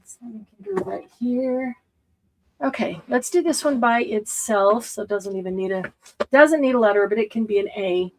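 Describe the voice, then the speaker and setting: A woman's voice: medium pitch, moderate pace, poor audio. A woman hosting a casual live-stream craft sale, chatting as she shows items and counts stock.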